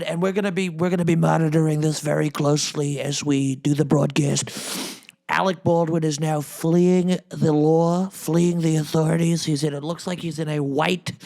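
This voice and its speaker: A man's voice: a little high, vocal fry, darkish tone. A man doing a comedic impression of a boastful former president hosting a podcast, rambling and repeating himself.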